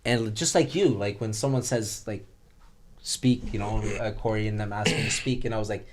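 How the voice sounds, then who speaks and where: A man's voice: fairly low pitch, normal speed, background noise. A man hosting a casual podcast interview, rambling and searching for his words. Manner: rambling, many fillers and restarts. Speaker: podcast host.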